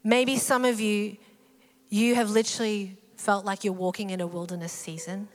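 A woman preaching a sermon in a church hall, animated and acting out the voices in the story. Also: medium pitch, normal speed. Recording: hall reverb with faint music.

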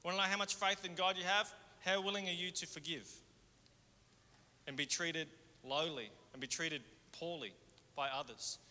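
A man preaching a sermon in a conversational way, moving between fervent and hushed. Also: on the high side, fairly even intonation, moderate pace. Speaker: pastor. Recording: hall reverb.

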